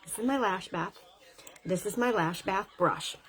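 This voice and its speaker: A woman's voice: medium pitch, a bit bright. Woman in her fifties, home makeup vlogger, chatty and effusive, talking to the camera mic. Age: 50s. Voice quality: gushing, chatty, quick asides. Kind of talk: casual makeup tutorial chat. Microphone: camera mic, lapel not worn.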